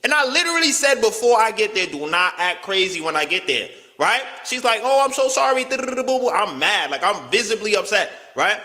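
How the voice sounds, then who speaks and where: Man, casual storytelling, high bright voice, animated and slangy, long hall reverb. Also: moderate pace, few pauses. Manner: animated, slangy, swings pitch widely, acts out quotes.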